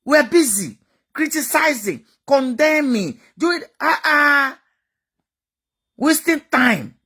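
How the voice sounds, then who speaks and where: A woman's voice: high voice, expressive, slow pace, pushed and bright. A woman giving a motivational talk, emphatic and repetitive, full of rhetorical questions. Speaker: motivational speaker.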